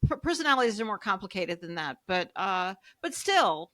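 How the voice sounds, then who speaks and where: A woman co-hosting a podcast, asking questions in a thoughtful, halting way as she searches for words. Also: medium pitch, sing-song, pushed and bright, dry recording. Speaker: podcast co-host. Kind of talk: casual podcast conversation.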